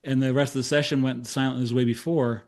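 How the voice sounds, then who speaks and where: A man's voice: medium pitch, quick pace. A middle-aged man, a therapist, telling a case story in a talk, acting out the dialogue with self-deprecating humor. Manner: animated storyteller who acts out quoted dialogue. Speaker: therapist presenting case studies.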